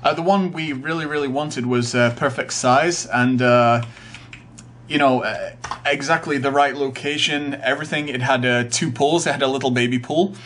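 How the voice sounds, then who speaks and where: A young man talks casually to camera in a loose, rambling vlog chat. He fills his pauses with uhs and ums as he goes. His voice sits at an ordinary middle pitch. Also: fairly bright tone, a little hiss or hum. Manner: rambling, full of uh and um. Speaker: vlogger.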